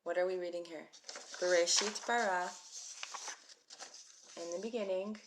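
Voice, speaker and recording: A woman's voice: on the low side, steady tone, fast, a little mellow, a little hiss or hum. A woman teaching a live-streamed Hebrew reading class, chatty and encouraging as she calls out viewers by name. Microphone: phone mic.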